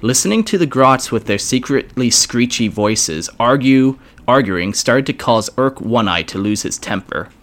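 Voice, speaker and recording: A man's voice: medium pitch, moderate pace, few pauses. A man casually reading a fantasy fan story aloud, with wry, joking asides. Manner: lively, wry asides with swearing. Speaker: story reader.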